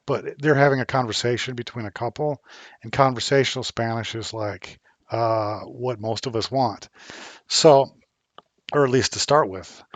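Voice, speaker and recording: A man talking casually in a vlog about learning Spanish, halting and full of ums and restarts, a little worn out. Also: medium pitch, dry recording. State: a bit worn out.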